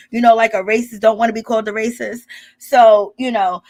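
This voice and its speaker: A woman doing a casual, sassy reality show recap, chatty and quick to laugh. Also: fairly high pitch, a little mellow. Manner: sassy, chatty, peppers lines with "okay?" and "child"; laughs often.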